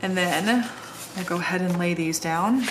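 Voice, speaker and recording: Chatty woman with a lowish voice. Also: normal speed, background noise. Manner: chatty, rambling, self-deprecating. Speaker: planner vlogger. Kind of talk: casual chat while decorating a planner. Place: home, seated on the floor.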